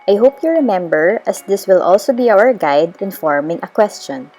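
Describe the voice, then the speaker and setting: A woman teaching a beginner's language lesson, who explains each step with careful, clear enunciation and slips in Tagalog phrases now and then. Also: medium pitch, sing-song, moderate pace, warm tone, faint music behind.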